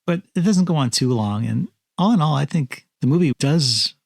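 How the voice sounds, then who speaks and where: A man co-hosting a film podcast, talking in a measured, matter-of-fact way with dry humor. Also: fairly high pitch, expressive, vocal fry, a little mellow, dry recording. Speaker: podcast co-host. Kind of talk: casual film review chat.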